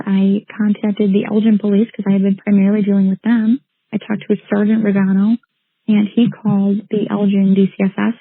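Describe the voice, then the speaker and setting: A woman's voice: medium pitch, breathy edge, no echo, phone-quality sound. A woman, a mother, recounting her son's case in an earnest, indignant personal account with frequent restarts.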